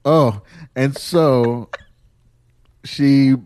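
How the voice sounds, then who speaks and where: A man chats loosely on his podcast. He laughs as he tells the tale and slips into impressions of his wife, at a middle pitch. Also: extremely slow, darkish tone. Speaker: podcast host. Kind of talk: casual chat.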